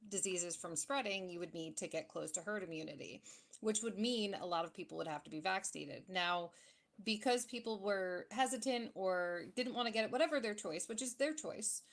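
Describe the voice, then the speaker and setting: A woman making her point in an online debate, hesitant, with many ums, trying to sound even-handed. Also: on the low side. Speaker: debate participant. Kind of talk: casual debate talk.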